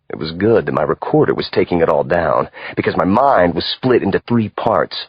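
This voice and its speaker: A man reading a thriller audiobook aloud in a measured, expressive way. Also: low-pitched, husky, no room sound, muffled recording. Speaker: audiobook narrator. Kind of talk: scripted narration.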